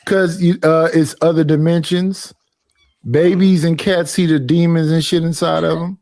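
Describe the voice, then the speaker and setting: High-voiced man joking in group chat. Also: level tone, normal speed, darkish tone. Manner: joking, talks over others, repeats words. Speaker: chat guest. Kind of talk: casual group chat on a stream.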